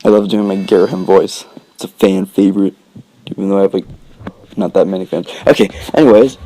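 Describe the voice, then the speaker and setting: A man's voice: low voice, fairly even intonation, normal speed, pauses often, dark tone, low-quality recording. Rambling joking man doing game commentary. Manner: rambling, joking, self-interrupting, lots of filler words. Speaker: let's play commentator. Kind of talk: casual gameplay commentary. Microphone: desk mic, recorded after gameplay.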